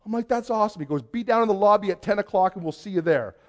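A Canadian youth pastor telling a story in a sermon, acting out the voices of the people in it. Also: male voice, high-pitched, very fast. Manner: animated storyteller, acts out quoted voices.

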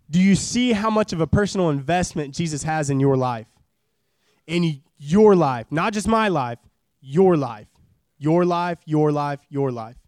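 A man's voice: on the high side, a little mellow, clean tone, no echo, clean studio sound. A young man in his twenties preaching a sermon at a church service, in a casual, joking way that repeats phrases for emphasis.

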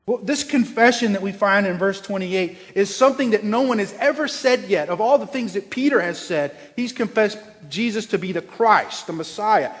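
A male pastor preaching a sermon in an earnest, gentle way with frequent pauses. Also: high voice, big-room sound. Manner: earnest, gentle, pausing often. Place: church sanctuary.

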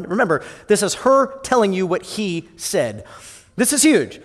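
A male pastor preaching a sermon in an animated way, swinging from loud and lively to soft and low. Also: brisk. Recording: long hall reverb.

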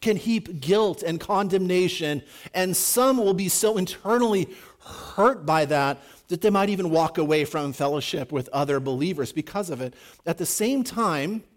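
A man with a high-pitched voice preaches a sermon to his congregation. He talks in a conversational, emphatic way and now and then breaks into acted quotes. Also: expressive, normal speed. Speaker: pastor.

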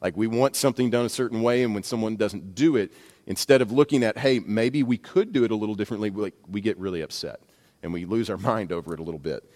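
A man's voice: on the low side, fast, a little mellow. A man preaching a sermon, speaking conversationally with bursts of emphasis and asides. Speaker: pastor. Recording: long reverb of a large hall.

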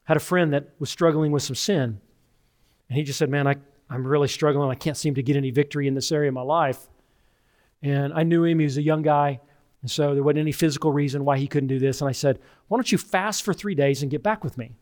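A man preaching a sermon, talking conversationally and telling personal stories, swinging from loud emphasis to hushed tones. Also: a little high, steady tone, fast talker. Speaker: pastor.

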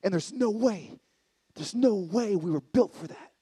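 Middle-aged man preaching from a stage, high and very lively, dry close sound; storyteller who surges loud then drops to a hush. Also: measured pace, husky, no room sound. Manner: swings between excited loud bursts and hushed intimate lows. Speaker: conference speaker. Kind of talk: sermon-style storytelling. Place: live event stage.

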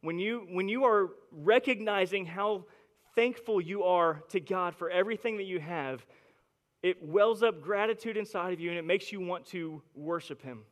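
A young adult pastor preaches a sermon to a congregation, his voice sitting high and moving at normal speed. He's emphatic and often repeats words, building from quiet, intimate stretches to loud, forceful ones.

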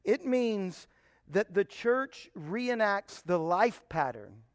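A man's voice: high-pitched, big pitch swings, slow pace, no echo, studio quality. A man giving an emphatic Bible teaching, often posing rhetorical questions to his listeners.

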